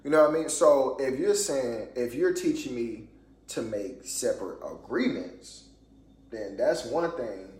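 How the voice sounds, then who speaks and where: A man's voice: mid-range voice, lively intonation, a little slow, a little mellow, reverberant, a little hiss or hum, poor audio. A man co-hosting a podcast in casual chat, talking in a loose conversational way, often checking in with "you know what I mean" and laughing now and then. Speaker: podcast co-host.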